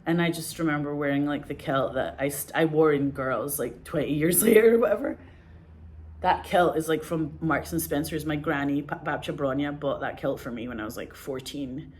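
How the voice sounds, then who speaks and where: A woman's voice: low-pitched, normal speed, darkish tone, slight background noise. Chatty woman telling theatre stories. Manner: chatty, filler-heavy, loose run-on telling. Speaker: podcast host. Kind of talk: casual storytelling.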